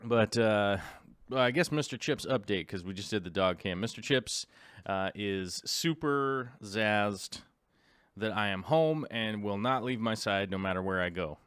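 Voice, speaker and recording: A man's voice: on the low side, a bit bright, clear, resonant tone, dry recording, studio quality. Tired, rambling male stream host. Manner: rambling, restarts often, chats with viewers and dog. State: tired, jet lagged. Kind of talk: casual live stream chat. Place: home.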